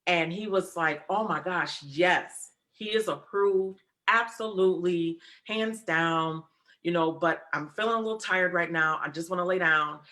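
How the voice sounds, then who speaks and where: A woman hosting an interview over a video call. Her voice sits a little low but rings bright and forward. She speaks with deep feeling, holding back tears. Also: a little slow. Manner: tearful, fighting to hold back crying. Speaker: interview host. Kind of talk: emotional conversation on a video call.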